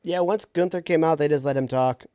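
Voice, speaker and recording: A man's voice: a little high, brisk, warm tone, dry recording, studio quality. A man co-hosting a casual wrestling podcast, rambling loosely and laughing easily. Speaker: podcast co-host.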